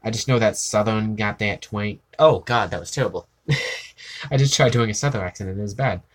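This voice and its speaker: A man's voice: fairly low pitch, brisk. A young man from Maryland, chatting casually and rambling while he draws on a stream, often laughing and humming nonsense sounds. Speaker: art streamer. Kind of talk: casual chat while drawing.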